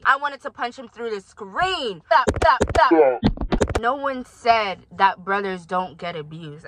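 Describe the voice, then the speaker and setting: A woman's voice: medium pitch, sharp tone, rough recording. A young woman vlogging, talking straight to her viewers in emphatic, indignant commentary. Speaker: vlogger reacting to her own recording. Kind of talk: heated commentary.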